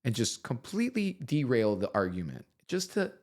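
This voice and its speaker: A man speaks as a guest therapist, walking through his advice in clear steps. His pitch moves around a lot, which gives his talk an animated, encouraging feel. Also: normal speed. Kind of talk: casual conversation giving advice.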